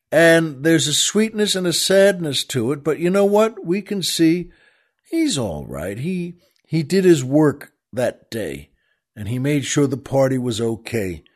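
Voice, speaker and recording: A middle-aged man hosting a show, talking in a casual comedic monologue that turns into exasperated, joking rants. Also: medium pitch. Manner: ranting, exasperated, jokey. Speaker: show host.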